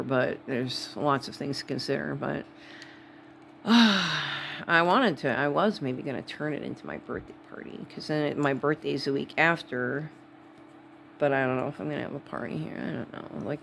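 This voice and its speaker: Speaking to camera with a Wisconsin accent, a woman from Wisconsin delivers a rambling vlog monologue packed with asides and tangents. Her low voice is gravelly and a bit bright at a moderate pace, over a faint hiss or hum.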